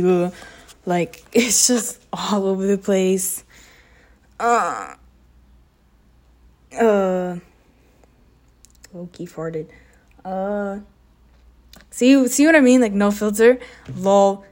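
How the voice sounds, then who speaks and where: A woman's voice: medium pitch, lively intonation, takes it slowly, pauses often, darkish tone. A teenage girl talks straight to the camera, rambling from thought to thought with plenty of "like" and "uh". Her sarcasm slips in constantly as she overshares in a loose confessional way. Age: teens. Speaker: high school student vlogger. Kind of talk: casual confessional vlog. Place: home living room.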